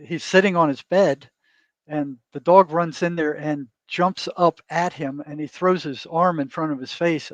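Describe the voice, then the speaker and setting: A man's voice: fairly high pitch, no echo. A man guest, a therapist, telling a story in casual interview talk and often adding "you know" and "right?". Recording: dull lo-fi dry sound.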